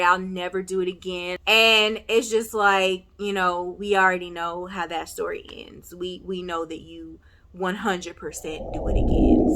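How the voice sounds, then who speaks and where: A woman casually recapping and reviewing a TV episode, chatty and full of fillers like "you know", with animated outbursts. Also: mid-range voice. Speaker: TV recap vlogger.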